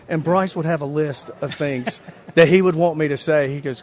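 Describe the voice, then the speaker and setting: A man's voice: fairly high pitch, brisk. A man with a Southern US accent, a magician chatting in an interview, rambling and self-deprecating as he tells folksy stories. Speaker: magician guest. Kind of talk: casual interview chat.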